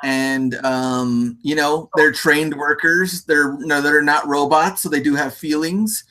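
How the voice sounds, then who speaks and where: A man's voice: on the high side, slow. Easygoing livestream host, man. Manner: relaxed, laughs easily, filler-heavy. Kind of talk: casual livestream chat.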